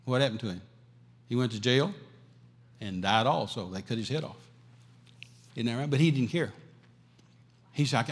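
A man preaching a sermon, emphatic and repetitive, swinging between loud and quiet. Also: medium pitch, animated, normal speed, pauses often, slightly rough, long reverb tail.

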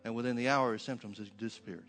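Emphatic preacher in a reverberant hall. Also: male voice, mid-range voice, steady tone, fast, fairly bright tone, faint music behind. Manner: emphatic, rhythmic preaching cadence. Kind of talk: sermon.

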